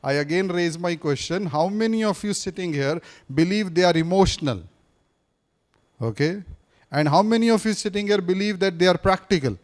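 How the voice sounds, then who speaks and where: High-voiced man quizzing a class. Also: moderate pace. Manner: questions the audience, repeats points, switches briefly into Hindi. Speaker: speaking coach teaching a class. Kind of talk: interactive classroom lecture. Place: classroom with a live audience.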